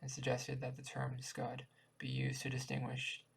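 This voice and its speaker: A man reading a lesson text aloud, halting at times and restarting words. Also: medium pitch, completely flat delivery, vocal fry, husky, low-quality recording. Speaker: channel host explaining poetry.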